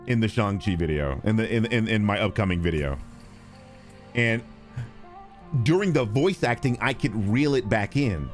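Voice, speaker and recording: Animated, swearing streamer man. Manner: animated, swings between loud and low, swears freely. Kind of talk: casual live-stream chat.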